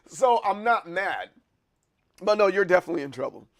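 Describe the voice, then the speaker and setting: A man hosting a casual live stream, chatting with his viewers in a rambling way, with many restarts and bursts of excitement. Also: sits high, moderate pace, gravelly. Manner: rambling, restarts a lot, chuckles and gets excited. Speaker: livestream host. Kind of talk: casual chat answering live chat.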